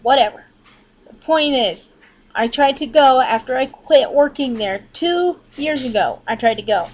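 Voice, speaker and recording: A woman's voice: high-pitched, animated, measured pace, a little mellow. A woman talking casually into her laptop at home, rambling candidly and swearing often. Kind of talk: casual webcam vlog. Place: indoors at home, leaning back from laptop. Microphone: laptop built-in mic. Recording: dull lo-fi laptop audio.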